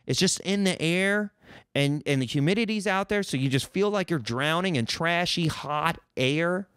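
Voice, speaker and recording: A man's voice: a little high, lively intonation, moderate pace, fairly bright tone, smooth, no room sound, studio quality. A man from Missouri hosting a solo podcast, rambling and joking with a profane, self-mocking streak. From Missouri, United States. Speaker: podcast host.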